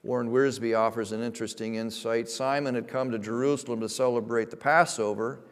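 Preaching a sermon as a pastor, a man with a medium-pitched, steady voice is emphatic, rising to loud, slowed-down stresses and then dropping into quiet asides. The long reverb of a large hall surrounds him.

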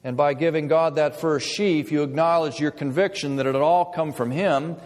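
A man's voice: fairly high pitch, steady tone, darkish tone. Man preaching in a reverberant church. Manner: measured preaching with emphatic pauses. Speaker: pastor. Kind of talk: sermon. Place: church sanctuary. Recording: long hall reverb.

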